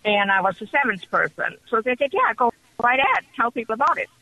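A woman calling in to a radio show, telling her story with excited, animated energy over the telephone. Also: a little high, quick pace, no room sound. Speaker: caller. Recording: dull phone line.

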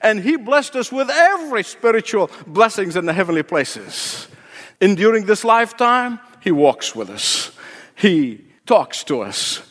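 High-voiced, animated male preacher in a reverberant hall. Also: a little slow. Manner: emphatic, builds with repeated phrases. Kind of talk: sermon.

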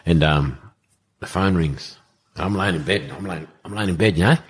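A middle-aged Australian man telling animated anecdotes in a casual chat, acting out other people's lines and swearing casually. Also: deep voice, normal speed, slightly rough. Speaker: guest, former rugby league player. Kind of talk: casual storytelling in a podcast chat.

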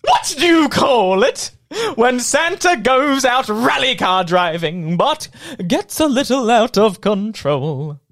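A man plays a corny Christmas joke teller on a comedy podcast, his pitch swinging wildly up and down as he savours each pun. He drags his lines out slowly, then bursts into a sing-song chant after every punchline. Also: sing-song, fairly bright tone, heavily acted. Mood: gleeful. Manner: punchlines followed by a sing-song "boy, boy, boy" catchphrase. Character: corny young man telling Christmas puns, pleased with himself. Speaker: podcast co-host in a comedy bit. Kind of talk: improvised comedy podcast bit.

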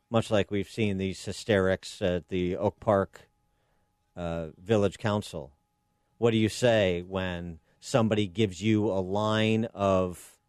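A man's voice: low-pitched, a little mellow, no echo, clean studio sound. A man hosting a talk radio show, delivering opinionated commentary and firing off repeated rhetorical questions.

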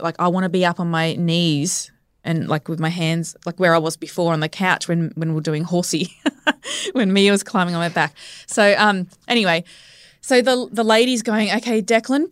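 A woman, a podcast guest telling a story in a casual, lively way and acting out the quotes. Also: fairly low pitch, no room sound, studio quality. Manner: vivid, breathless retelling that acts out quotes. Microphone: studio podcast microphone.

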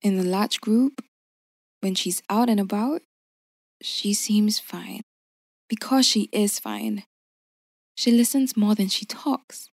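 A woman voicing a gruff but patient older father in a narrated story, in low, measured tones. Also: darkish tone, no echo, studio quality. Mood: low, confiding.

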